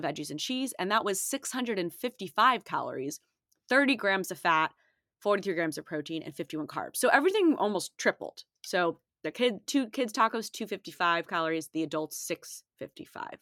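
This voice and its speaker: A woman's voice: medium pitch, pushed and bright, no echo, clean studio sound. A woman dietitian hosting her own show, chatting emphatically and casually while rattling off numbers. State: out of breath. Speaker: dietitian podcast host. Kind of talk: casual solo talk.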